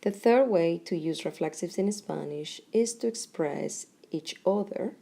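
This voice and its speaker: Slow, gravelly-voiced woman teaching grammar. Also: on the low side, mellow. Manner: slow, deliberate, pausing between short phrases. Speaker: Spanish teacher. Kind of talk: explaining grammar lesson.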